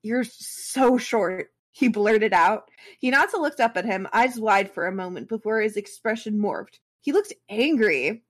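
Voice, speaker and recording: A woman's voice: mid-range voice, expressive, normal speed. A woman reading a fan story aloud as a podcast co-host, stopping now and then for casual asides.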